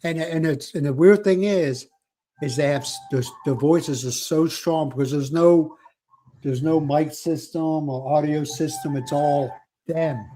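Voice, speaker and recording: Man, livestream host, fairly high voice, animated casual talk, repeats himself. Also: measured pace, a little hiss or hum. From South Philadelphia. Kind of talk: casual live chat with viewers.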